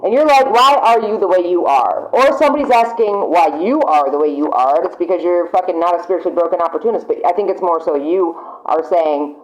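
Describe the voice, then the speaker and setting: A woman giving a casual tarot reading to her camera, excitable and chatty, swearing freely and laughing often. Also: lowish voice, quick pace, hardly any pauses, poor audio. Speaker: tarot reader. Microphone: camera mic.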